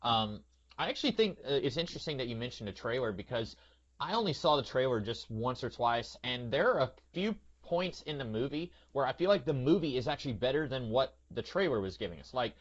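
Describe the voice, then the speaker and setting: A man's voice: mid-range voice, sing-song, fairly quick. Rambling man on a lo-fi podcast. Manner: rambling, many fillers, slips into character voices. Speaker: podcast host. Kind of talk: casual podcast chat. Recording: dull lo-fi sound.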